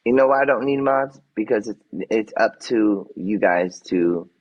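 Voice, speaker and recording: A man's voice: fairly low pitch, measured pace, a little mellow, highs cut off. An agitated man on a livestream answering his chat, defensive and swearing, repeating himself as he vents. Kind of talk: livestream rant.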